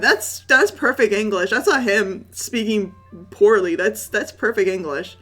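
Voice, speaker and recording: A woman's voice: medium pitch, unhurried, few pauses, a bit bright, faint music behind. Giggly woman streamer rambling. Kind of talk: casual game-reading commentary.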